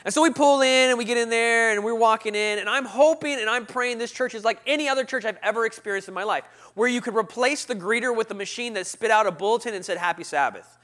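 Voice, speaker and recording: Man, sermon storytelling, high voice, bright tone, acts out voices. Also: fast, few pauses. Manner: animated storytelling, acts out voices, swings from loud to hushed. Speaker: preacher.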